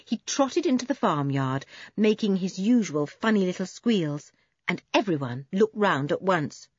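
A woman narrating a children's adventure book aloud, lively and putting on voices for the children. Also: fairly low pitch, unhurried, breathy edge, dry recording. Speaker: audiobook narrator. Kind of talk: storybook reading aloud with character voices. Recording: dull lo-fi dry recording.

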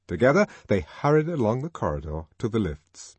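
A man narrating an audiobook with an expressive, dramatic reading. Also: lowish voice, fairly quick, hardly any pauses, slightly rough, no echo. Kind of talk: scripted narration.

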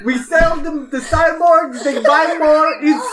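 A man voicing a scheming, greedy Russian game-company boss in a put-on Russian accent, laughing through his pitch in an improv party game. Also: slow pace, a crowd in the background. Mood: gleeful greedy.

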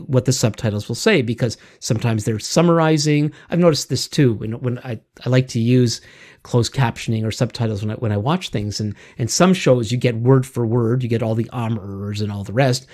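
A middle-aged man chats through a casual solo monologue at an ordinary pitch. He rambles, restarts his sentences and leans on fillers while circling back to his point. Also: a little mellow. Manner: rambling, self-correcting, frequent fillers.

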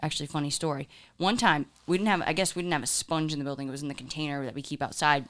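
Smooth-voiced woman telling wild stories. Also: low voice, rapid-fire. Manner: animated, swearing, acts out quotes. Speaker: podcast co-host. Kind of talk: casual chat, storytelling.

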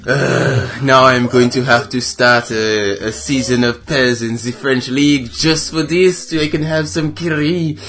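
A man's voice: medium pitch, steady tone, a little slow, few pauses, fairly bright tone. A man co-hosting a podcast, chatting casually in a playful, joking way. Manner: playful, jokey, teasing. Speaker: podcast co-host. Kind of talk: casual chat.

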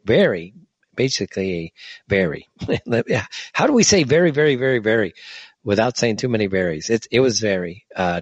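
A man's voice: medium pitch, breathy edge, no echo, dull audio. An American man hosting a show, talking in a casual monologue that rambles with joking asides and self-corrections. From United States. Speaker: podcast host.

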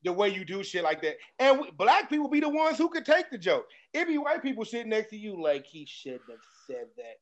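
A man's voice: very high-pitched, fast talker, few pauses. A man in casual chat, telling stories and acting out comedians' bits with energy. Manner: animated storyteller, acts out comedians' bits. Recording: dull lo-fi sound.

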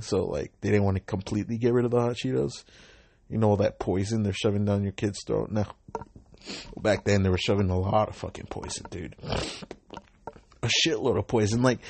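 A man's voice: lowish voice, vocal fry, darkish tone, slight background noise. A man in his twenties talking in a loose, rambling monologue full of slang and swearing. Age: 20s.

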